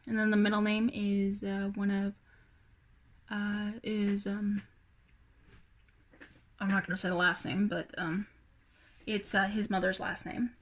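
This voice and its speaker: A woman's voice: medium pitch, little pitch movement, a little slow, long pauses. A young woman rambling through a casual personal vlog, hesitant, with many fillers and sighs. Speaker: vlogger.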